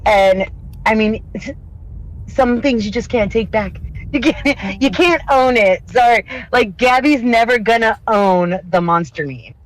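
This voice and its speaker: A woman's voice: on the high side, unhurried, low-quality recording. A woman co-hosting a live-streamed chat show, talking emphatically and bluntly, swearing freely and laughing often. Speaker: podcast co-host.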